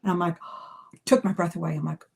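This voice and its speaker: A psychic medium chatting on a live video, telling animated stories with lots of restarts and fillers. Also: female voice, on the low side, fairly quick, vocal fry, husky. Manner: animated storyteller acting out dialogue. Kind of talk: casual live video chat.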